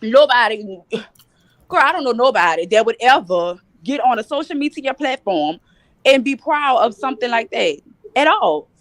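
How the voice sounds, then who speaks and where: A woman with a slightly high voice gossiping on a live panel. She talks in a loose, slangy way and laughs as she goes. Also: expressive, moderate pace, dry recording. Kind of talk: casual chat on a live panel.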